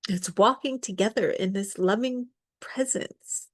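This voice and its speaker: A woman giving a spiritual sermon in a soft, often whispered voice, tearful at times. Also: medium pitch, a little slow. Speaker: reverend leading a women's service.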